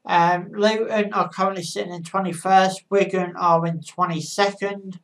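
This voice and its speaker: A woman casually giving football match predictions, with a halting delivery and frequent pauses. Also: lowish voice, fairly even intonation. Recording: voice a bit far from the mic.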